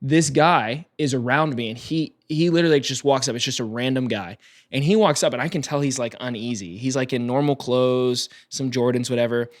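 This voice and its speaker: A young man co-hosting a podcast, telling a story with gusto and slipping into the voices of the people in it. His voice sits at an ordinary middle pitch. The sound is dry and close, with no room around it. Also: no echo. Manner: animated storyteller, acts out quoted people. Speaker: podcast co-host. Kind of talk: casual storytelling chat.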